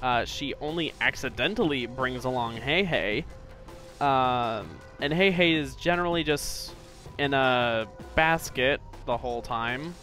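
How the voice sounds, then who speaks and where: A man's voice: medium pitch, a little slow, bright, forceful tone, faint music behind. A man co-hosting a game stream who chats casually and rambles, with lots of ums and uhs. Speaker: co-host of a game let's play stream. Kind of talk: casual gaming banter.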